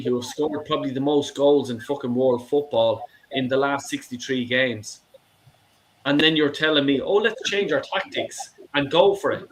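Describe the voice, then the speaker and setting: Phoning in to a show, a middle-aged caller rants heatedly, cursing and tripping over words he repeats. He speaks at a medium pitch, with slight background noise.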